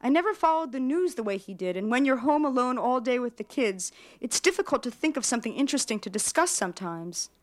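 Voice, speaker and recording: A woman reading aloud, voicing an elderly grieving widow who asks quiet, pleading questions. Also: on the high side, expressive, quick pace, hardly any pauses, lightly acted.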